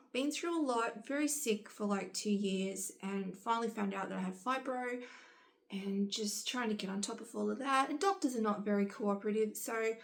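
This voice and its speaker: A young woman chatting casually to her camera, rambling and growing exasperated as she retells things. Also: mid-range voice. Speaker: vlogger.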